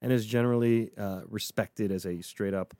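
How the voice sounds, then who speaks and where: A man co-hosting a casual political podcast, talking in an animated way and often restarting his sentences. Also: lowish voice, normal speed, dry recording, studio quality. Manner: animated, with frequent restarts and repeated words.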